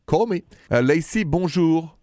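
A man's voice: on the high side, animated, unhurried, darkish tone, dry recording, clean studio sound. A man, hosting a call-in radio advice show, explaining things and teasing what comes next. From France. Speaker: radio relationship advice host.

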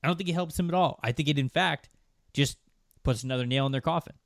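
A man's voice: on the high side, fast, no room sound. Man, sports podcast co-host, emphatic, rhetorical questions, dry close sound. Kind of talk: casual sports talk.

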